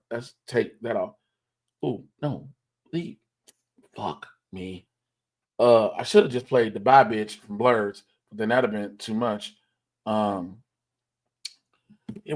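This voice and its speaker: A man hosting a livestream, mumbling to himself in casual, profane slang while he fiddles with his editing software. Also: mid-range voice. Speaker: stream host.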